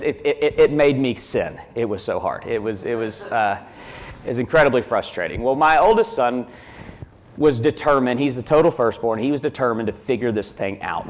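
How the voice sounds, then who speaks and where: A male pastor preaching a sermon, telling a family story in a conversational way and repeating himself as he goes. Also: mid-range voice.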